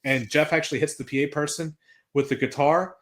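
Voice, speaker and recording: A man's voice: fairly high pitch, a little fast. A man co-hosting a podcast, recapping an old wrestling show in casual chat, reading out quotes and swearing freely. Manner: excitable, swears freely, reads out promo quotes.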